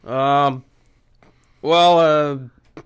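A man's voice: on the high side, fairly even intonation, drawn-out words, clear, resonant tone. A young man, a comedian guest in a radio studio, answering questions in a rambling, self-deprecating way. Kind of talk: casual interview.

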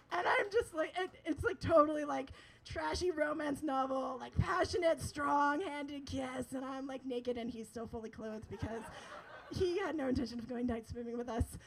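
A woman's voice: high-pitched, normal speed, creaky, rough recording. A young woman telling a personal story to an audience, chatty and laughing often, with lots of filler words.

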